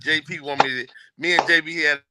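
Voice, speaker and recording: A man's voice: a little high, fairly even intonation, fairly quick. Easygoing man on a noisy remote call. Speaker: guest. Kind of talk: casual chat. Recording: loud noise, audio dropping out.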